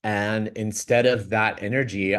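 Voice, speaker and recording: A man's voice: on the low side, fairly even intonation, a little slow, fairly bright tone. Chatty man telling a story. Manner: chatty, rambling, laughs often, acts out quotes. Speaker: vlog host. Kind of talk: casual storytelling.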